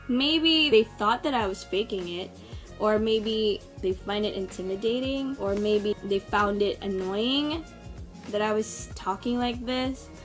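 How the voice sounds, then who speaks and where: A woman in her twenties from Brunei, talking frankly in a personal vlog in a chatty way, full of "like". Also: mid-range voice. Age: 20s. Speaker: vlogger.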